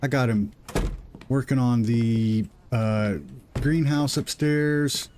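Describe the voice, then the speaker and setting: A man's voice: mid-range voice, fairly even intonation, slow pace, darkish tone, slight background noise. A middle-aged man hosting a live gaming stream, rambling and self-deprecating as he talks through his progress into a desk microphone at home. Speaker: gaming livestream host. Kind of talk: live gameplay commentary.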